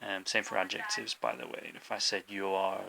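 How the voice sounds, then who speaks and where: A man's voice: low-pitched, flat delivery, moderate pace, vocal fry, sharp tone, slight background noise, rough recording. A man from England, a native English speaker, explaining language points in an informal lesson, with many ums and restarts. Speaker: language teacher.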